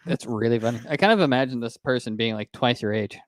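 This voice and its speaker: A man co-hosts a casual podcast and mostly reacts to his partner with short remarks. He talks fast, and the sound is dry and close. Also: mid-range voice, lively intonation, dry recording. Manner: brief reactive interjections. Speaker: podcast co-host. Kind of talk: casual chat.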